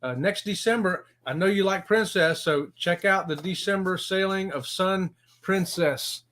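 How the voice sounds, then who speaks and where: Guy, high bright voice, folksy livestream host reading chat comments. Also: a little slow. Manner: folksy and upbeat, says y'all and howdy. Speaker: co-host of a cruise channel livestream.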